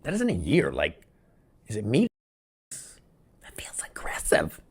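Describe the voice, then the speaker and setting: Husky, excitable male podcast host. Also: lowish voice, measured pace. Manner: excitable, rambling, jokey. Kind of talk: solo podcast monologue. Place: room where he records alone. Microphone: podcast microphone, also filmed.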